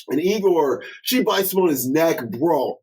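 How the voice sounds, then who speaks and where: Brief: young male podcast co-host, slightly high pitch, animated, slangy, profane, casual. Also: husky, low-quality recording. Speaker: podcast co-host reviewing a film. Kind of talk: casual chat.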